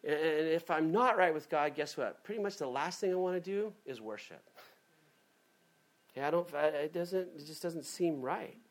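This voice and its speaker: A man preaching a sermon in a lively, conversational way, often breaking off and restarting his sentences. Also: fairly high pitch, normal speed. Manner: animated, conversational, self-interrupting. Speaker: pastor.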